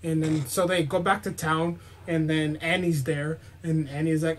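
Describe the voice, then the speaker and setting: Excitable high-voiced young man. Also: moderate pace, low-quality recording. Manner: excitable, joking, acts out lines. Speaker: podcast co-host. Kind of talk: casual chat, recapping an episode.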